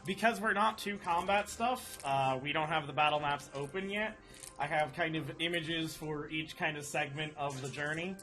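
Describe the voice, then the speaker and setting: Man, dungeon master, high and bright, animated and exclamatory. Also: moderate pace. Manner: animated, laughs often, exclaims. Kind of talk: running a tabletop game, casual.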